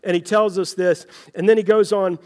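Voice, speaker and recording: A man's voice: sits high, fairly even intonation, normal speed, a little mellow, in a large hall. A man preaching a conversational sermon as pastor, telling stories in a folksy way and speaking straight to his listeners. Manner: folksy storytelling, addresses listeners as "guys".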